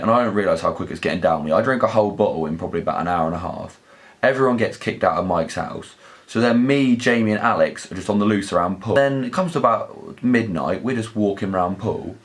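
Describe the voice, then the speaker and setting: Young man, deep voice, swearing, rambling storytelling, casual vlog. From southern England. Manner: crude, sweary, rambling comic monologue. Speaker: vlog host.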